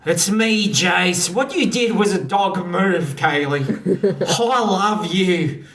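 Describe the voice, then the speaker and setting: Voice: mid-range voice, animated, takes it slowly, fairly bright tone, a little hiss or hum, pitched above the performer's own voice. A game master voicing a lovesick young man who makes overblown declarations of love in a raised voice, recorded in an echoey room from far off.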